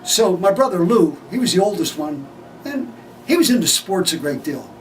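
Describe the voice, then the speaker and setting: An older American man telling a personal family story in an animated way, laughing often and acting out old dialogue. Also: high-pitched, moderate pace. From United States. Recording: distant mic with faint ambient noise.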